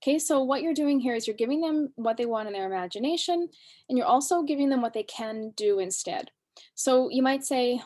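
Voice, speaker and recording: A woman in her thirties with a fairly high voice talks casually as a parenting coach. She often slips into short scenes and plays both the parent and the child. Her delivery stays lively and warm in tone throughout. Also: fairly quick. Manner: acts out parent and child lines with lively shifts. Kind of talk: casual workshop talk.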